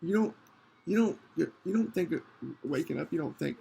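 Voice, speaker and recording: A man hosting a podcast, telling a personal story in an earnest, halting way with many restarts. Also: on the high side, expressive, vocal fry, warm tone, slight background noise, rough recording. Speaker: podcast host.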